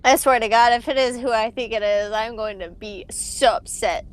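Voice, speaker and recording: A woman's voice: on the high side, steady tone, normal speed, clear, resonant tone. A woman playing a tabletop game, urgent and pleading as her character. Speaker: player. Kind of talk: tabletop game role-play.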